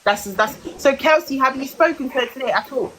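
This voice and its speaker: A woman's voice: sits high, fairly quick, a bit bright, slight background noise, poor audio. A woman hosting a casual live chat, talking bluntly and swearing now and then. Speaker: live stream host.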